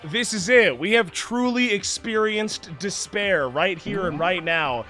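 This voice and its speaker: A man's voice: sits high, a little slow, hardly any pauses, faint music behind. A young man live-streaming a video game and talking to his chat, frantically exasperated one moment and deflated the next. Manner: frantic, swings from exasperated shouting to deflated mumbling.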